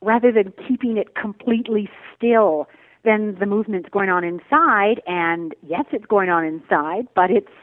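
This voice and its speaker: A woman meditation teacher talks in a thoughtful, searching way, pausing often to find her words. Her voice comes over a tinny, narrow, phone-like line that sounds dry and close. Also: mid-range voice, dry recording. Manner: thoughtful, searching, with many "um" and "uh" pauses. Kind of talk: reflective spiritual interview talk. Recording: phone-like remote call audio.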